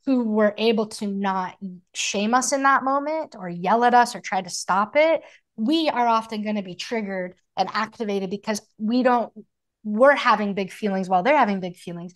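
A woman in her thirties talks through her ideas in a relaxed, earnest way. She is a podcast co-host with a mid-range voice, thinking aloud in long, flowing sentences. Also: mid-range voice, normal speed. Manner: reflective, earnest, speaks in flowing thoughts. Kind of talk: casual conversation.

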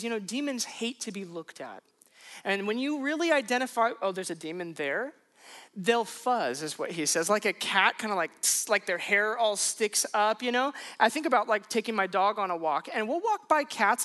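Woman pastor, sermon, chatty storytelling, stumbles and restarts, middling pitch. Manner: conversational, animated storytelling with frequent restarts. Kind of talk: sermon told as a personal story.

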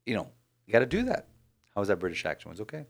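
A man hosting a casual sports podcast, animated and rambling with frequent restarts. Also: on the low side, very fast, vocal fry. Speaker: podcast host.

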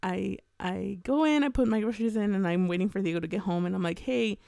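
A young woman co-hosting a podcast, telling a story in casual chat and acting out the quoted voices with big jumps in pitch. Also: quick pace, creaky, a little mellow, no echo, studio quality. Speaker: podcast co-host.

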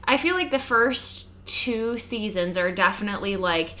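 A woman's voice: mid-range voice, expressive, normal speed, sharp tone. A woman co-hosting a casual podcast, chatty and leaning on "like", with frequent laughter. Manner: chatty, heavy use of "like", laughs often. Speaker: podcast co-host. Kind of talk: casual chat.

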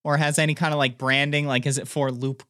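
A woman's voice: low voice, level tone, quick pace, fairly bright tone, no echo. Female player; hesitant, thinks aloud, dry close mic. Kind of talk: tabletop game talk.

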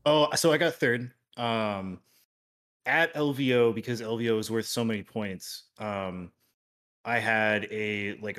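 Male podcast guest, relaxed and low-voiced, trailing delivery. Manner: relaxed, trails off quietly at phrase ends. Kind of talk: casual podcast chat.

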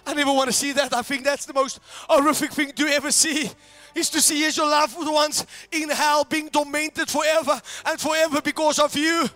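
High-voiced, fiery shouting male preacher. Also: steady tone, normal speed, dry recording, faint music behind. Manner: impassioned, swings from hushed to shouting. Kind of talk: fiery sermon.

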